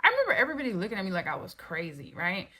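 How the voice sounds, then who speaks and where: A woman chatting to camera in her house, spinning a strange personal tale. Her pitch leaps up and down as she tells it, loose and casual, peppered with fillers and swearing. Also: rapid-fire, breathy edge. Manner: animated, expressive, with frequent "like" and "right?" and casual swearing. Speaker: vlogger telling a personal story. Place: indoors at her home.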